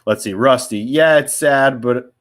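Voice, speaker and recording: A man's voice: mid-range voice, unhurried, fairly bright tone. A man hosting a live question-and-answer stream, chatting casually and rambling, often correcting himself mid-sentence. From United States. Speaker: host answering viewer questions.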